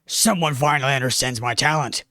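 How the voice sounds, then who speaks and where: A man's voice: mid-range voice, brisk, bright, forceful tone, no room sound, clean studio sound. A man playing a brash, boastful bulldog persona who talks pushily and swears casually in an improvised comedy sketch.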